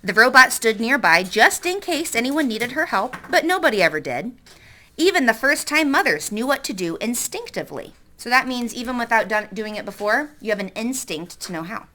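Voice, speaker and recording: A woman teacher reads a novel aloud to her class in an expressive way, stopping to ask the students questions. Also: a little high, moderate pace. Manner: expressive, stops to quiz the class.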